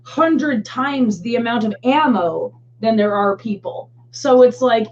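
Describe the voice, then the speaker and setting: A woman's voice: on the high side, animated, measured pace, hardly any pauses, a little mellow. A woman co-hosting a casual live chat, blunt and chatty, swearing freely. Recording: dull lo-fi stream audio with faint noise.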